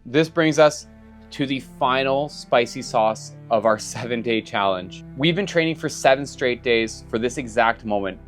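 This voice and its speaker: A man's voice: mid-range voice, moderate pace, faint music behind. A young man in casual vlog talk, chatty and rambling, restarting his sentences when he gets flustered. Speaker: YouTuber.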